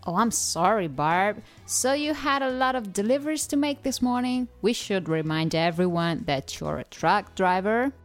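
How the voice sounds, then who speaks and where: A woman's voice: medium pitch, animated, moderate pace, hardly any pauses, faint music behind. A woman hosting a podcast, reading a scripted English-lesson dialogue in a cheerful, teasing way and laughing often. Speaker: podcast host.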